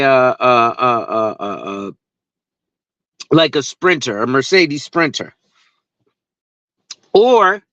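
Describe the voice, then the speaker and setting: A man who discusses insurance on social media rants casually to camera, rambling, swearing, and laughing at his own stories. His voice is on the high side, bright and forceful, with no echo but the highs cut off.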